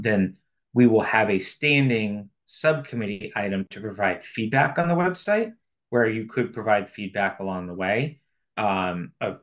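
A man's voice: on the low side, fairly bright tone. A man chairing a remote committee meeting over a video call, thinking aloud as he hedges and qualifies his points.

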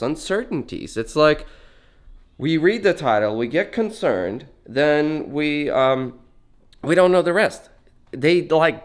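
Male vlogger, mid-pitched, earnest, meandering delivery, talking on the move. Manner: rambling, earnest, conversational; talking while walking around. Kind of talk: casual reflective monologue.

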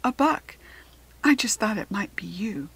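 A woman's voice: mid-range voice, lively intonation, a little slow, fairly bright tone, breathy edge, full character voice. A woman voicing an earnest young farm girl who pleads in a raised voice. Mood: anxious.

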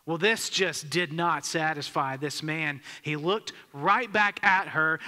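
A man with a fairly high, very bright voice preaches to his church and tells a story in an easy, conversational way. He asks the congregation questions as he goes. The sound carries a long reverb from the hall. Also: steady tone, measured pace, hardly any pauses. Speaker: pastor. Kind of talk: sermon. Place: church sanctuary.

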